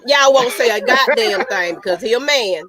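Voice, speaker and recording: A woman's voice: a little high, animated, normal speed, a loud crowd, low-quality recording. A woman co-hosting a live sports talk stream, blunt and wry as she scolds the men and plugs the channel. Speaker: podcast co-host.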